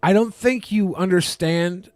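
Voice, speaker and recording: Man, podcast co-host, deadpan joking, high voice, dry close mic. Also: measured pace, no room sound. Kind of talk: casual joking chat.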